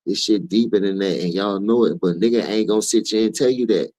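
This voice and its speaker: A man's voice: fairly low pitch, a little fast, mellow, no room sound, rough recording. A man from New Orleans with a New Orleans accent, hosting his own stream and ranting in heated, profane, preachy commentary. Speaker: streamer host.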